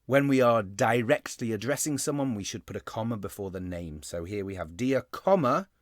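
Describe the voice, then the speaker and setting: A male English teacher giving a recorded grammar lesson, explaining step by step and slowing down on key terms. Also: fairly low pitch, lively intonation, dry recording, clean studio sound.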